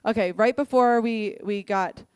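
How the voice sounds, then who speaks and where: A young adult woman leading worship, telling personal stories in an earnest, candid sermon and acting out what people said in lively voices. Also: medium pitch, unhurried, smooth, no room sound. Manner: earnest, candid storytelling with lively acted-out quotes. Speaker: worship leader.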